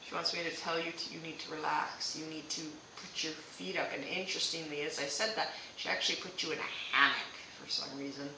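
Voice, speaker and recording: A woman psychic medium giving a live-streamed reading, speaking gently and reassuringly and often checking in with "okay?". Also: deep voice, fairly even intonation, brisk, gravelly, few pauses, echoey room, recorded from a distance, background noise.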